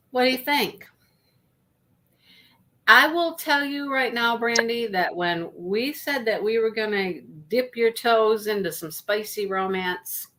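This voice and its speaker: Female host of a casual live book chat; slow, easy delivery, greets viewers by name. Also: mid-range voice, fairly bright tone.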